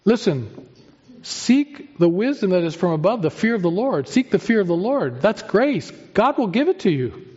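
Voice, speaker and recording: A male pastor preaching a sermon with emphatic delivery, drawn-out pauses and rising stresses. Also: high-pitched, very animated, a little mellow, husky, highs cut off.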